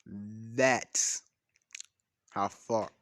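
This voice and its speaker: A man's voice: lowish voice, fairly even intonation, extremely slow, a bit bright. A man casually making up a story as he goes, rambling, swearing and losing track of names.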